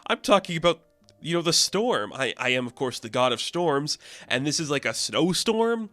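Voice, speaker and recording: A man's voice: on the high side, very animated, normal speed, fairly bright tone, soft background music. A man voicing a boastful male thunder god in an exaggerated, raised comic delivery while retelling a comic book. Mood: indignant.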